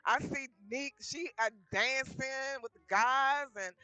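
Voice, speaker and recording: A woman's voice: high voice, slow, no echo, soft background music. A woman casually telling her life story, acting out quoted back-and-forth dialogue as she goes. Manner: lively retelling full of quoted dialogue.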